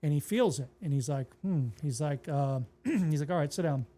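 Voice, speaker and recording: A man with a fairly high, mellow voice tells his own story as a guest on an interview podcast. He speaks plainly and casually and slips into quoted dialogue as he goes. He sounds like a pastor talking easily with a friend. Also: moderate pace. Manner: relaxed, plainspoken retelling that acts out quoted dialogue.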